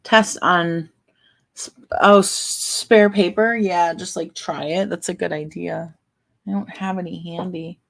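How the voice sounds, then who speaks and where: A woman vlogger chatting in a relaxed, meandering way, thinking aloud while she colors. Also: fairly low pitch, a little slow, creaky, low-quality recording.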